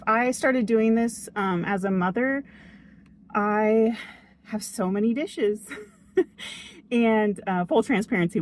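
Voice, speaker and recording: A woman's voice: mid-range voice, a little hiss or hum. A young woman giving a motivational talk to camera, earnest and chatty, often checking in with "okay?". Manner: earnest and upbeat, chatty, frequent "okay?" and "oh my gosh". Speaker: vlogger. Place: outdoors near a tree.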